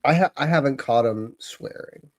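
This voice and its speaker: A man's voice: mid-range voice, normal speed. A man co-hosting a podcast, chatting casually and easily about his kids. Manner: relaxed, easygoing listener who chimes in. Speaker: podcast co-host. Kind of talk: casual chat.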